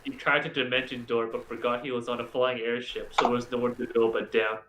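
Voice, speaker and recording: A man's voice: medium pitch, level tone, a little fast. A man playing a tabletop game, making wry, joking remarks in casual chat. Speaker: player. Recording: roomy echo with background noise.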